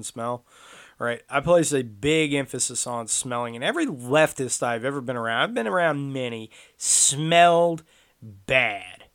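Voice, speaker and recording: A man's voice: mid-range voice, a bit bright. A man delivering a combative, sarcastic political commentary monologue, speaking straight at his listeners. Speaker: tracking instructor.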